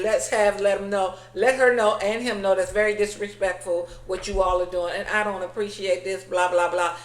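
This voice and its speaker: Sassy woman recapping in an echoey room. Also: fairly high pitch. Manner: sassy, blunt, retells scenes with quoted voices. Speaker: reality TV recap commentator. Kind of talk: casual recap commentary.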